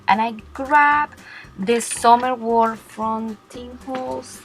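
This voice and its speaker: Slow, halting woman narrating a craft tutorial. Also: fairly high pitch. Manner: halting, searches for words, step-by-step explaining. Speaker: cardmaking blogger.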